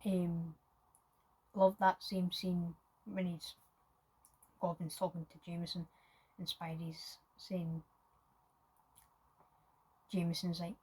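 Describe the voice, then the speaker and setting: A woman's voice: fairly low pitch, little pitch movement, slow pace, long pauses, mellow, husky, low-quality recording. A woman giving a casual, rambling film review, full of hesitations and restarts.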